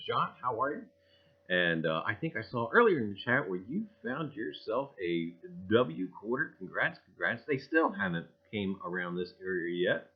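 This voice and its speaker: A man's voice: mid-range voice, slightly rough, highs cut off. A man hosting a casual livestream, joking around and greeting viewers by name, with lots of filler words. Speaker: livestream host.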